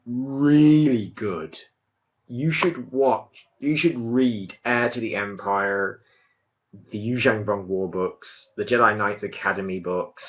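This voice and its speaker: A young man ranting casually to camera about a film franchise, rambling and stopping to restart his sentences. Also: on the low side. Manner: rambling, self-interrupting, opinionated. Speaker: video blogger. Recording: dull lo-fi recording.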